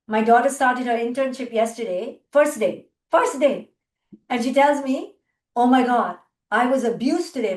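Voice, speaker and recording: A middle-aged woman, a clinical psychologist, giving a passionate, emphatic public talk over a video call, repeating her key words for effect. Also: sits high. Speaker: clinical psychologist and guest speaker. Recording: echoey and distant.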